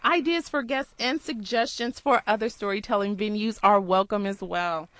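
A woman's voice: medium pitch, normal speed, fairly bright tone, dry recording. A woman co-hosting a storytelling radio show, making upbeat announcements. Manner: upbeat and promotional. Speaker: co-host.

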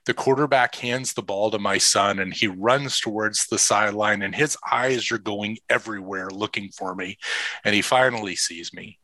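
A middle-aged man tells a heartfelt personal story in an earnest, emotional way. His voice sits fairly low yet sounds bright and forceful, recorded close and dry with no room sound. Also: normal speed, no echo. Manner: earnest, emotional, quotes others in lively voices. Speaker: father and assistant football coach.

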